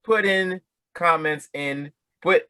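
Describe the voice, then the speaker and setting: A man's voice: on the high side, slow, bright, forceful tone, clean tone, no echo. A man co-hosting a casual sports podcast, playfully calling out to the audience. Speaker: podcast co-host.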